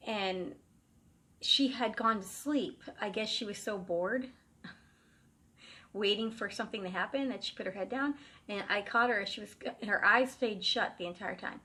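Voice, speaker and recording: Husky-voiced woman telling a ghost story. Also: mid-range voice, a little slow, bright, forceful tone. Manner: rambling and chatty, with frequent "like" fillers and restarts. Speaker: psychic medium telling a true story. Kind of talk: casual first-person storytelling.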